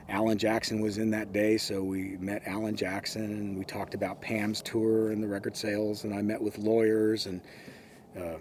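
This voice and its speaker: A man's voice: on the low side, a little mellow, slight background noise. A man in his sixties from San Francisco, a former record executive, telling anecdotes in an easygoing interview and often quoting others. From San Francisco, USA. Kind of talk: storytelling interview.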